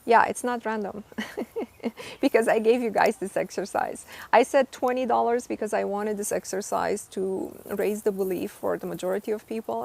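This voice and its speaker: A woman's voice: medium pitch, gravelly, darkish tone. A woman coaching on manifestation in a live-stream Q&A, reading viewer comments and answering earnestly, often checking in with "right?". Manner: earnest, emphatic, repeats points with "right?".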